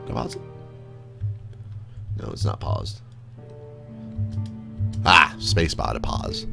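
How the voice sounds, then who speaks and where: A man's voice: low-pitched, expressive, unhurried, vocal fry, long pauses, sharp tone, soft background music. A man streaming a game, rambling to himself in casual commentary and swearing freely from his desk. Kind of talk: casual live gameplay commentary. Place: at a desk by a computer.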